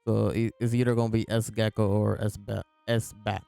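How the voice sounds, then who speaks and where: A man's voice: on the low side, little pitch movement, moderate pace, creaky, dark tone, no room sound. A man hosting a casual chapter review, retelling scenes by quoting the characters in his own voice over faint background music. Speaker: host reviewing comic chapters.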